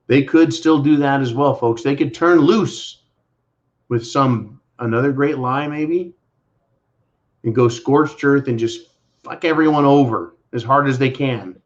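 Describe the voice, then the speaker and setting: Speaking unhurriedly at medium pitch, this American channel host offers mocking political commentary on dull audio. He leans on repeated sarcastic catchphrases and addresses his audience as folks.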